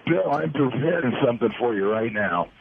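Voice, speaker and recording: A man's voice: mid-range voice, fairly quick, creaky, noisy background. Laid-back Southern man on a tinny phone line. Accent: Southern American. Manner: laid-back, drawling, deadpan. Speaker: caller.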